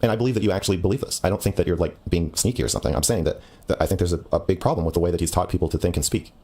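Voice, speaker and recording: A man debating a caller on a stream, talking bluntly and cutting in often. His voice sits very low. He speaks at a rapid-fire clip. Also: dark tone, husky. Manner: blunt, lecturing, interrupts. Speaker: streamer taking a call. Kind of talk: heated debate on a call.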